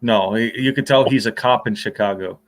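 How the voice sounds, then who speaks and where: A man's voice: on the low side, fairly quick, a crowd in the background. Man trading teasing crude jabs. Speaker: podcast co-host. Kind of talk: casual podcast chat.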